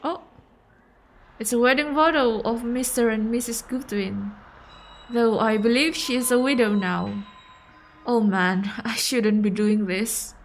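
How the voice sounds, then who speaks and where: A woman streamer talks through a horror game in emotive, reactive commentary. Her voice is high and her delivery unhurried, with a slow, drawn-out pace between reactions. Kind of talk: let's play commentary.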